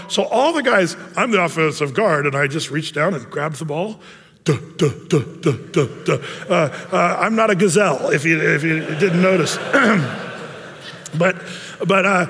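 Folksy middle-aged Bible teacher in a hall. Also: male voice, sits high, bright, forceful tone, husky. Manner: folksy and rambling, many fillers and restarts, humorous asides. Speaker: men's Bible study teacher. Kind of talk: conversational Bible teaching with personal stories.

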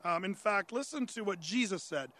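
High-voiced man preaching a Bible sermon. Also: lively intonation, moderate pace, pushed and bright. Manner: conversational, answers imagined listener questions; frequent "uh" fillers and restarts. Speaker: pastor. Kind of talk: expository Bible-teaching sermon.

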